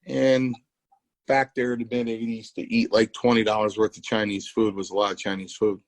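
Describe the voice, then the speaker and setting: A former wrestler co-hosts a podcast, telling rambling anecdotes in a casual storytelling style, restarting sentences and quoting what others said. His voice is on the low side, level and at a moderate pace; the audio is poor with no room sound.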